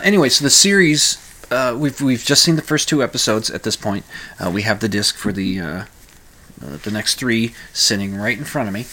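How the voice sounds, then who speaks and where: A man's voice: lowish voice, animated, normal speed, bright, forceful tone. A middle-aged man from Minnesota with a Minnesota accent, hosting a solo radio talk show in a rambling, casual way. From Minnesota, USA. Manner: rambling, many fillers and restarts.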